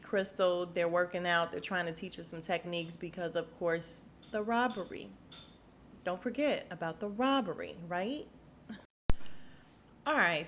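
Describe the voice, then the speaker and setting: A woman's voice: lowish voice, fairly bright tone, a little hiss or hum. A woman hosting a podcast, recapping a reality show in casual chat, sassy and blunt, swearing freely and acting out quotes.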